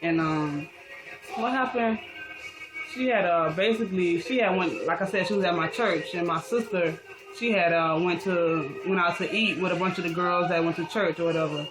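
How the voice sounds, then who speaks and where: A woman's voice: lowish voice, moderate pace, poor audio. A young woman casually telling a personal story in a rambling, slangy, profane way, full of fillers. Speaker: vlogger. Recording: music playing behind.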